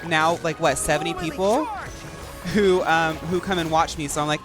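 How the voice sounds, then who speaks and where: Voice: mid-range voice, fairly even intonation, moderate pace, over music. A young adult streamer chatting casually and rambling with lots of fillers while gaming.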